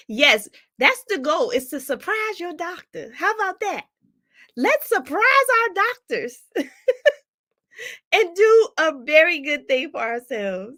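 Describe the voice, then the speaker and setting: A woman life coach hosting a live stream, reading out viewer comments in a lively, laughing, preacherly way. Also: high voice, dry recording, studio quality. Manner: animated, laughs often, preacherly call-and-response.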